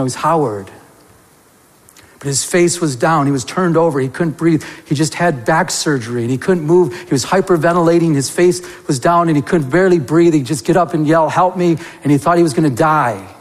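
A man preaching in a church, his voice sitting high for a man and carrying a long reverb off the walls. He tells stories with lively energy and keeps turning to the congregation with "remember?" questions. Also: fairly quick. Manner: animated storytelling with repeated rhetorical questions to the congregation. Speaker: pastor. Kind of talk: sermon.

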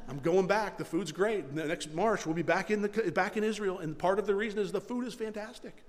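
A man preaching a sermon as pastor, telling stories in a lively way with quick repeated phrases, then dropping to a low, quiet voice for solemn points. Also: in a large hall. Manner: animated storytelling with rapid repetitions and self-mocking asides.

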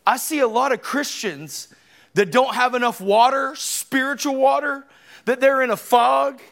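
A man in his thirties, a preacher delivering an emphatic, conversational sermon with sudden loud bursts. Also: very high-pitched, a little slow, vocal fry. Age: 30s.

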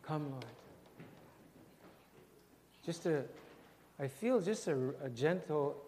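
Older male pastor, slightly high voice, gentle and soft-spoken, recorded in a long-reverb hall. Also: expressive, a little hiss or hum. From Canada. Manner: gentle, unhurried, repeating phrases, often dropping very soft. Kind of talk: sermon and prayer. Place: church sanctuary.

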